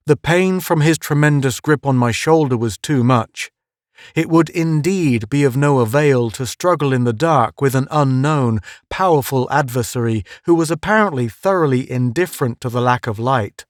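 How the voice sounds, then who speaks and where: Man, audiobook narrator, measured dramatic reading, dry close recording. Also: medium pitch, animated, no room sound. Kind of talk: scripted first-person narration.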